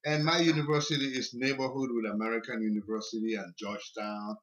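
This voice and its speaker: A male podcast guest, recorded in a basement, tells a personal story in a fast, medium-pitched voice. His manner is casual and animated, and he often repeats words.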